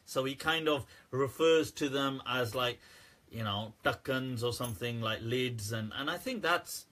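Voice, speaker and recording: A man's voice: medium pitch, unhurried, fairly bright tone. A man hosting a live question-and-answer stream in a casual, candid way, laughing often as he talks to viewers. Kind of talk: casual livestream Q&A commentary.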